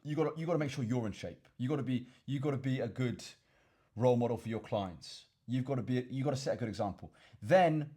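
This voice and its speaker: Young English male fitness vlogger, rapid delivery, slightly husky voice, chatty rambling Q and A host. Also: mid-range voice, lively intonation, dark tone. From England. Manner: rambling, repeats words, addresses viewers as chaps. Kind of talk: casual Q and A to camera.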